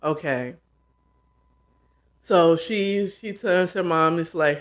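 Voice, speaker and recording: A woman host casually retelling a novel she's reading, with chatty, animated asides. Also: fairly low pitch, takes it slowly. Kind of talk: casual book retelling and commentary.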